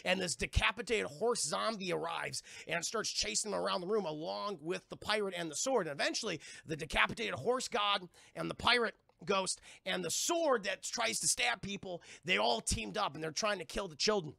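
A man's voice: high-pitched, moderate pace, gravelly, few pauses, pushed and bright, no echo, clean studio sound. A young man streaming a cartoon review, recapping the episode in rambling, profane casual chat to his viewers. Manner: rambling and profane, addresses chat, lots of fillers.

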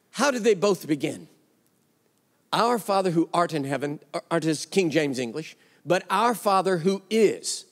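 A man preaching a sermon, telling a story with quoted dialogue and an emphatic delivery. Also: sits high. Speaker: pastor. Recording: long reverb of a large hall.

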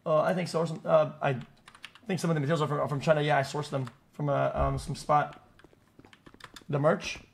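A male streamer ranting to his chat with a voice a touch higher than most men's. He is blunt and mocking, swears constantly and keeps stumbling over and restarting his words. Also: little pitch movement, fairly quick, gravelly, pauses often. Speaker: live streamer. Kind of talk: casual rant to chat.

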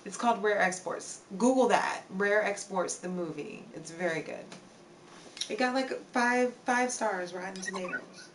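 Woman streamer, easygoing teasing banter, unhurried, mic set back with steady background noise. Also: medium pitch, recorded from a distance, low-quality recording. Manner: laughing, teasing, repeats herself. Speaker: live streamer. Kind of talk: casual chat with live chat.

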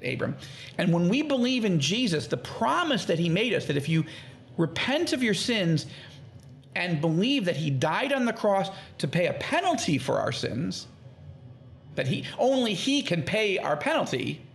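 A man's voice: high voice, normal speed, vocal fry, a little hiss or hum. A man as a podcast guest, teaching on the Bible in conversation and acting out quoted speech with animation. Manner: animated, acts out quoted speech in lively tones.

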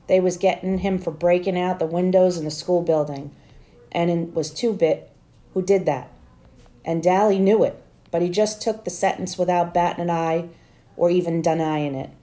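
A shaken, quiet teenage boy from a storybook reading, soft and troubled, read in a woman's own low, mellow voice. He speaks gently and without bluster. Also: natural voice. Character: frightened, quiet teenage boy gang member.

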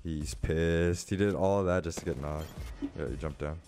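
A young man streams his gameplay with live commentary at a moderate pace, music playing in the background. He gets excitable and swears, shifting from quiet muttering to loud yelling.

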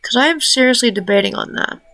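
A woman's voice: on the high side, quick pace, fairly bright tone. A young woman streaming a casual chat, talking baby talk to her pets and cursing offhandedly.

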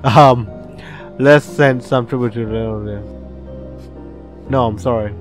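Over soft background music, this let's-play host talks slowly at a medium pitch with fairly even intonation. He's chatty and casual, reading the game's on-screen text out loud, swearing, and laughing a lot as he reacts.

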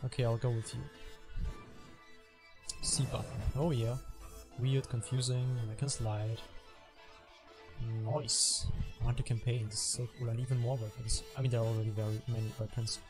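A man's voice: mid-range voice, flat delivery, moderate pace, pauses often. A man giving casual gaming commentary, rambling with joking, self-mocking asides as he plays. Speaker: gameplay commentator. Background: game music and effects.

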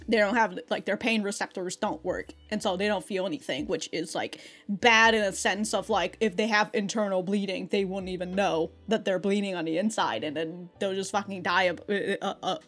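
A woman's voice: medium pitch, normal speed, hardly any pauses, fairly bright tone, soft background music. A woman hosting an anime reaction, chatting casually, laughing often and swearing as she acts out the characters' lines. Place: in Japan.

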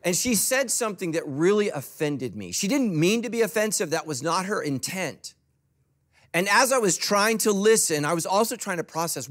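A man's voice: high voice, fairly bright tone. A middle-aged man preaching a sermon as pastor, conversational and joking, acting out quoted voices. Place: church auditorium.

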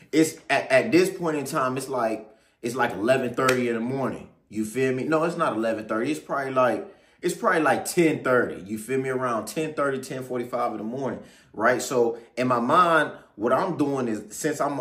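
A man's voice: mid-range voice, a bit bright, slight background noise. A man telling a casual story-time tale in a slangy, rambling way, often checking in with the listener. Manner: slangy, rambling, keeps asking "you feel me". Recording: roomy echo.

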